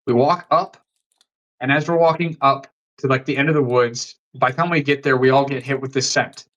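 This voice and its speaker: A man's voice: mid-range voice, fairly even intonation, fairly quick, a bit bright, muffled recording. A young man from the American Midwest telling a long story on a podcast, rambling and swearing freely with many "likes". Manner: profane and rambling, heavy use of "like". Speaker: podcast guest, fitness coach. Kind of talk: casual storytelling in a podcast interview.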